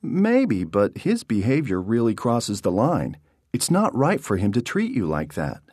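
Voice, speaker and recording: A man's voice: medium pitch, wildly swooping pitch, unhurried, darkish tone, breathy edge, no room sound, clean studio sound. A man performing a scripted dialogue for language learners, giving firm, supportive advice. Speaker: textbook dialogue speaker.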